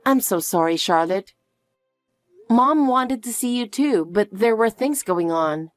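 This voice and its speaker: A woman reading a story, speaking as a mother in a soft, soothing, reassuring way. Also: medium pitch, expressive, measured pace, no room sound, soft background music. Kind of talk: scripted story narration.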